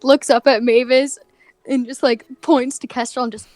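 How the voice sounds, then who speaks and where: A woman's voice: high-pitched, steady tone, moderate pace, a little mellow, no echo, soft background music. A woman playing a tabletop game, describing her character's actions in a hesitant way with many fillers and giggles. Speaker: player.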